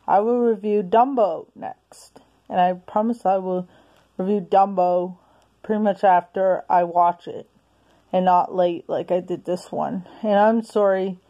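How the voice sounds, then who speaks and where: A woman's voice: medium pitch, mellow, dull audio. A woman reviewing a movie in a casual home video, talking hesitantly with many restarts and sounding out of breath.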